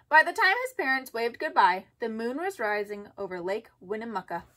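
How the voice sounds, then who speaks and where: High, lively woman reading a kids' story. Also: moderate pace, hardly any pauses. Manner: expressive, sing-song sound effects. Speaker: children's story reader. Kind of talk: storybook read-aloud for kids.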